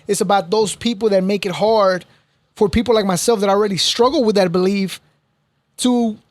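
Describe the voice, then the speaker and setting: A man's voice: high voice, moderate pace, dry recording. A man hosting a casual podcast, telling stories in a rambling way with frequent restarts. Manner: rambling, restarts often, animated storytelling. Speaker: podcast host.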